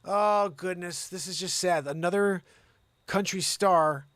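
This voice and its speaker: A man's voice: high-pitched, takes it slowly, no echo, clean studio sound. Sarcastic man ranting through comedy news. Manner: rambling and sarcastic, jumping between loud reading and muttered asides. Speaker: comedy news show host. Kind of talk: live-streamed comedic news reading.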